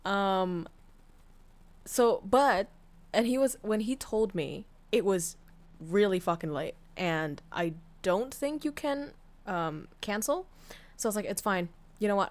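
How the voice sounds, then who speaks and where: A woman's voice: medium pitch, lively intonation, normal speed. Casual woman streamer just chatting, swears a lot, trips over her words. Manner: candid and profane, with many fillers and restarts. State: tearful, voice breaking. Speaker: VTuber streamer. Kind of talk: casual storytelling chat.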